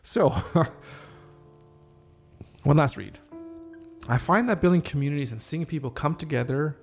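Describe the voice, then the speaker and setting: A man's voice: a little high, lively intonation, takes it slowly, soft background music. A man hosting a podcast, reading draft lines of a script aloud, stopping often to rethink and reword them. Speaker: podcast host. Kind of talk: casual solo script rehearsal.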